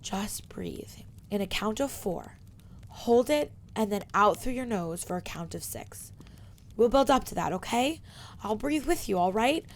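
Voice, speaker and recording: A woman voicing a young woman who gently soothes a crying friend, in an audiobook reading. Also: medium pitch, expressive, unhurried. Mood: soothing. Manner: gentle, reassuring, coaching breaths.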